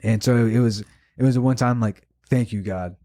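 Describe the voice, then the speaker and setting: Excited swearing man telling a concert story. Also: mid-range voice, normal speed. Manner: emotional, swears a lot, animated storytelling. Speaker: podcast co-host. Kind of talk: casual chat.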